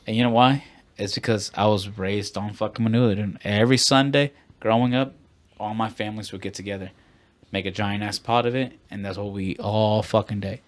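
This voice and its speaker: A man's voice: lowish voice, steady tone, a little fast. A man co-hosting a podcast, telling long rambling stories in casual, profane chat. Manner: profane, rambling storytelling with many fillers. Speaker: podcast co-host.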